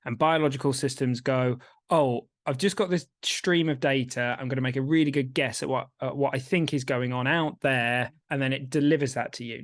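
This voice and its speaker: A man's voice: medium pitch, no room sound, studio quality. A man co-hosting a podcast and working as a coach, chatting casually, joking and reflecting.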